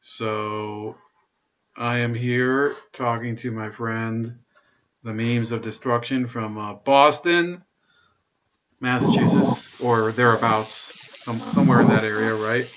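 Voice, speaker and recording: A man hosts a live political stream in a loose, rambling way, dry and sardonic, with many fillers. His mic sounds dull and muffled. A clear hiss of noise runs under his voice. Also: medium pitch, fairly even intonation, slow pace, fairly bright tone. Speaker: host.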